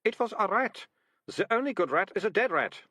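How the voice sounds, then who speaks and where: A man doing a sharp-tongued, indignant girl. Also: high voice, very animated, moderate pace, slightly rough, dry recording, studio quality, voice pushed up, heavily acted. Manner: indignant and bossy. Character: sharp-tongued girl who hates rats.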